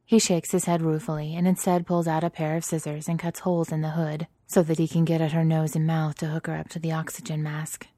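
A woman narrating a story in a steady, even reading voice. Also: sits low, fairly quick, few pauses, no echo.

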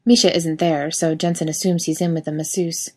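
A woman reads a story aloud with a wry, casual delivery that lets the odd swear word through. Her voice sits a little low. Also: flat delivery, a little fast. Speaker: reader. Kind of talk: storytelling narration.

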